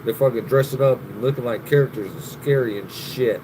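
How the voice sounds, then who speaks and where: A man's voice: medium pitch, fairly quick, background noise, pitched below the performer's own voice, close to an everyday voice. A man putting on the voice of a homesick stranded alien phoning his dad, crude and pleading. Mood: griping. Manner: crude, swearing, whiny pleading.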